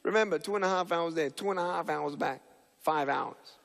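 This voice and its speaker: A man's voice: on the high side, normal speed, gravelly, fairly bright tone. A man giving a motivational talk on stage, telling a story animatedly and acting out the dialogue. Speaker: motivational speaker. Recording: reverberant hall.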